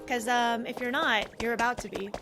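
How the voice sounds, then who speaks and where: A woman's voice: on the high side, steady tone, moderate pace. A young woman streaming a video game, chatting with viewers, answering chat and laughing often. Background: loud game music.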